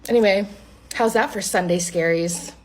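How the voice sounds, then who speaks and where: Husky, blunt woman telling a dating story. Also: medium pitch, normal speed. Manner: blunt and exasperated, swearing freely. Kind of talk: casual storytime to camera.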